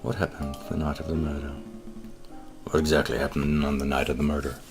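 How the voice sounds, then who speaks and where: A man voicing a fussy, bumbling male bird lawyer, slow and deliberate. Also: very deep voice, little pitch movement, over music. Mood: formal.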